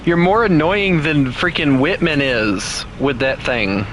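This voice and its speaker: A man with a Southern US accent, streaming a game and chatting playfully with co-players, breaking into teasing and high shouts. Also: takes it slowly, a little hiss or hum. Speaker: gaming streamer. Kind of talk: casual gameplay chat with co-players.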